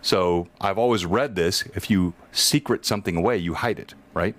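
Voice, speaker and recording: A man running a tabletop game as game master, chatting in a relaxed, self-deprecating way. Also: sits low, normal speed.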